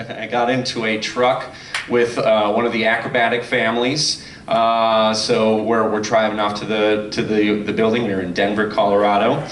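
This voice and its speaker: A former circus clown telling a funny anecdote on a convention panel, halting with fillers and restarts and chuckling often. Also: male voice, fairly low pitch, flat delivery, a bit bright, slight background noise. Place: convention hall. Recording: echoey hall, mic some distance off.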